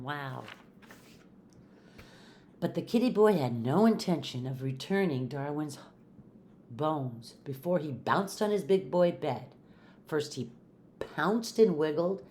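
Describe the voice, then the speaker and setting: An older woman with a notably low voice reads a children's picture book aloud. She is a retired teacher, friendly and lively as she reads for kids at home. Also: a little slow, slight background noise. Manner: friendly, animated reading to kids. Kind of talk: storybook read-aloud.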